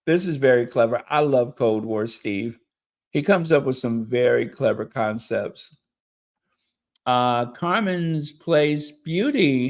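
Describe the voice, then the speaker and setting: A man hosting a live stream, slowly reading member messages and thanking them, and he gets openly emotional and effusive. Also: fairly high pitch. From United States.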